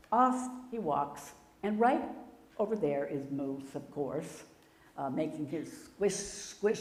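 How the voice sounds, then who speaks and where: Animated woman telling a children's story. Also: low-pitched. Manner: animated, sound effects, playful. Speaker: storyteller at a congregation service. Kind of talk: children's story time narration. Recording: echoey hall with long reverb.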